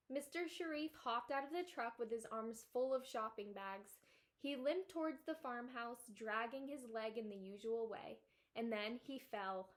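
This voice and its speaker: A woman teacher reads a children's novel aloud. Her voice sits on the high side. She keeps a steady, expressive pace through the narration. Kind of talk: children's book read-aloud.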